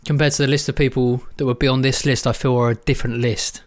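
A man's voice: mid-range voice, level tone, fast. Joking man in podcast banter. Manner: joking, banter-heavy, calls his friend mate. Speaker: podcast co-host. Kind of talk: casual chat.

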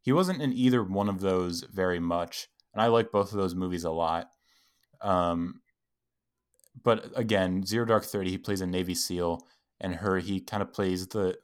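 Low-voiced man chatting about films. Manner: thoughtful, frequent ums. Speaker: podcast co-host. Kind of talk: casual film discussion.

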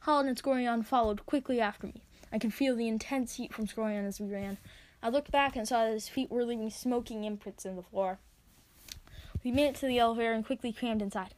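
A woman reading her own story aloud, expressive as she narrates. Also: on the high side, a little fast. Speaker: reader.

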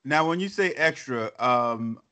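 A man's voice: medium pitch, animated, measured pace, sharp tone, clean tone. A man hosting a podcast in casual chat, playful and teasing. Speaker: podcast host.

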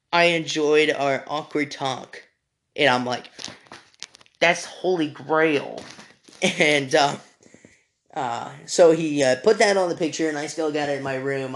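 A young man hosting a podcast, telling a story casually with many fillers, restarts and small apologies. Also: medium pitch. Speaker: podcast host.

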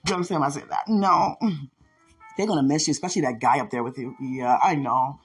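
A woman hosting a podcast, talking casually in an animated, storytelling way, breaking into laughter and playful sing-song lines. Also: very deep voice, fairly quick, breathy edge, soft background music. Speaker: podcast host. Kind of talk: casual personal monologue.

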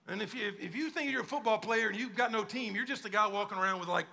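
A man's voice: sits high, quick pace, vocal fry, hardly any pauses, sharp tone. A male pastor preaching a conversational sermon and acting out quoted voices. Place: church auditorium. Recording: long hall reverb.

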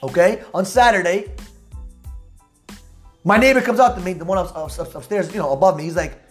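A man hosting a motivational podcast, talking loudly and emphatically with high energy and casual slang. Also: a little fast, faint music behind. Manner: repetitive, hype-driven street slang. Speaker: podcast host.

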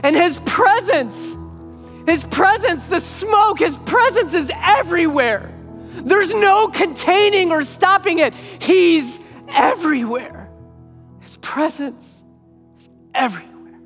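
Preacher, high voice, emphatic sermon delivery, long hall reverb, faint music underneath. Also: animated, takes it slowly, fairly bright tone. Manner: emphatic, repeats phrases for weight.

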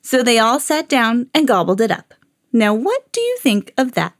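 A woman reading a children's picture book aloud on her podcast in an expressive, sing-song storytelling way. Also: on the high side, normal speed, over music.

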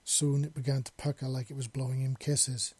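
A man narrating a romance story in a quiet, intimate reading. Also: mid-range voice, little pitch movement, brisk, husky, no echo.

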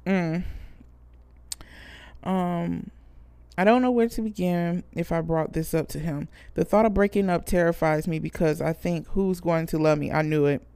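A woman's voice: fairly low pitch, measured pace, mellow, smooth, no echo. A woman hosting a casual podcast, answering a listener letter and telling a brash, profane comic story full of sound effects. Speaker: podcast host.

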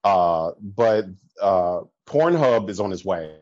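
A man with a low voice talks casually as a podcast guest, and the audio is a little dull. He tells his stories in bursts, with plenty of fillers and restarts. His laugh comes often, and he jumps higher in pitch whenever he acts out what someone else said. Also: slow, no echo. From American Midwest. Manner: animated storyteller, swings up in pitch when quoting people. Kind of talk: casual chat.

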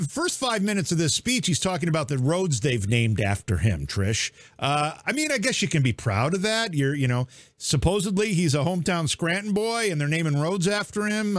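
A man hosting a casual podcast panel, talking in a lively, chuckling way. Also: high-pitched, brisk, dry recording, clean studio sound. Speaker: podcast host.

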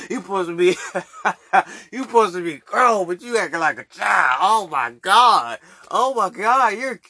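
A man's voice: sits high, pushed and bright, no room sound. A man hosting a solo podcast, ranting in a mocking, boastful way with street slang, laughing often between repeated phrases, seated at a stand mic. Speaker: podcast host. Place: seated indoors. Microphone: mic on a stand he keeps pulling down.

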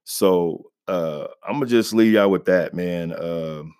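A man's voice: deep voice, slow pace, a little mellow, clear, resonant tone. A man hosting his own podcast, talking loosely and conversationally, often saying "man" and "you know". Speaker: podcast host. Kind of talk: casual solo podcast talk. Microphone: home podcast mic.

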